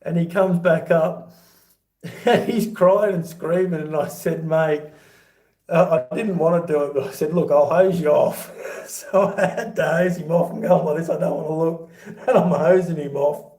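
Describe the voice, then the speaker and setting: Middle-aged Aussie bloke, casual livestream host, easy storyteller, recorded in a roomy, echoey space. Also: male voice, fairly high pitch, measured pace, a little mellow. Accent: Australian. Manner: chatty, laughs through his own yarns. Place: home with boxed-up rooms. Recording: echoey room.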